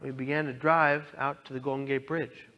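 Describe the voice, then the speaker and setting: A man telling his own story as a dramatic testimony, impassioned and pleading, swinging from hushed lines to loud outbursts. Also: medium pitch, flat delivery, normal speed. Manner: pleading, directly addresses listeners. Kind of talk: dramatic personal testimony talk.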